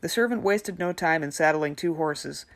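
A woman narrating a fairy tale audiobook in a measured, gentle storytelling manner. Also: deep voice. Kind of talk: scripted narration.

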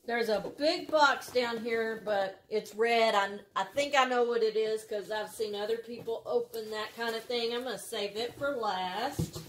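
A woman co-hosting a casual unboxing vlog, upbeat and brisk, moving things along. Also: on the high side, slight background noise.

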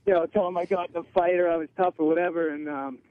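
A man's voice: on the high side, steady tone, fast talker. A man calling in to a radio show to tell a childhood story in a plain, matter-of-fact way. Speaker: caller. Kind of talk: phone-in story. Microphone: telephone. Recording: dull phone-in line.

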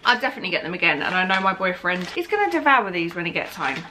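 Bright-voiced tired pregnant woman. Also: lowish voice, big pitch swings, very fast, slight background noise. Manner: chatty, candid, talks while eating. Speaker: vlogger. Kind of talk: casual taste-test vlog.

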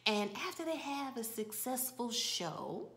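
A woman's voice: a little high, big pitch swings, measured pace, a bit bright. A woman casually recapping a television episode in a conversational storytelling way, with side remarks and occasional drops to a whisper. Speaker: TV episode reviewer.

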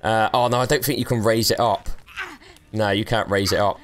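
A man's voice: lowish voice, fairly even intonation, brisk, noisy background. A young man giving let's play commentary, cheeky and taunting, laughing often. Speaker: gaming streamer.

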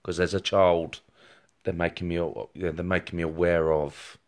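A man's voice: low voice, level tone, moderate pace, darkish tone. A man giving a rambling live-streamed psychic reading, talking straight to viewers with many fillers and restarts. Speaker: psychic medium.

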